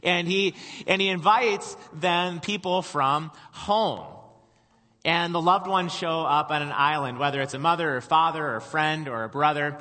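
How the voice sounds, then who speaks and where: Bright-voiced pastor in a reverberant hall. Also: male voice, a little high, normal speed. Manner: conversational storytelling with self-deprecating humor. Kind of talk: sermon.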